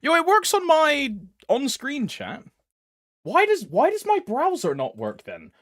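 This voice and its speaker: A man's voice: extremely high pitch, huge pitch swings, a little slow, fairly bright tone, no echo, studio quality. A young man streaming a game, greeting chat by name, with frequent laughs and slangy banter. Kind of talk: casual live-stream chat.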